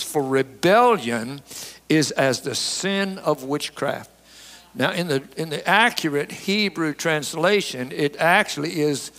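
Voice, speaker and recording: A man preaching a sermon, emphatic, climbing high for mocking asides and dropping low and soft when he prays. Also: animated, a little slow. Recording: long hall reverb.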